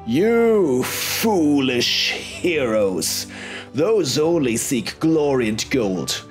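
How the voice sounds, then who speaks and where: A man reading out the lines of a violent male wraith from a video game in a slow, drawn-out voice. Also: mid-range voice, sing-song, faint music behind. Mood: menacing.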